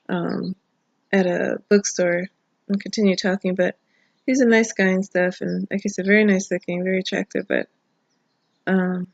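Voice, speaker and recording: A middle-aged woman vlogging from home on her phone camera gives an emotional, prayerful personal testimony, tearful and sometimes rambling. Her voice sits at medium pitch, with no room sound and the highs cut off.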